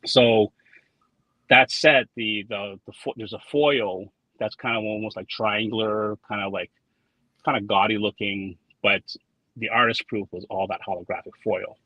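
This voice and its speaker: A man's voice: on the low side, fairly even intonation, measured pace, no echo. A man being interviewed in casual conversation, rambling and repeating words as he tells anecdotes with quoted dialogue. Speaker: trading card designer, guest. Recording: dull lo-fi sound, dry.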